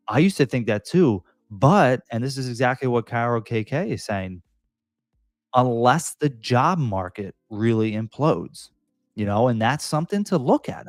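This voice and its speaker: A man with a Philadelphia accent hosting a casual real estate livestream at a computer mic. He rambles conversationally, circling back with "you know" and restarting sentences. His voice sits at an ordinary middle pitch, and the sound is dry and close, with no room around it. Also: no echo.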